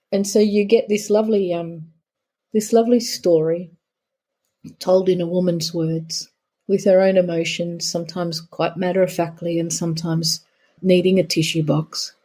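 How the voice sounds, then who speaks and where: A woman's voice: lowish voice, steady tone, moderate pace, mellow. A middle-aged woman, a guest on a podcast interview, telling stories about her work and acting out her talks with clients. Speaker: guest, pelvic therapist.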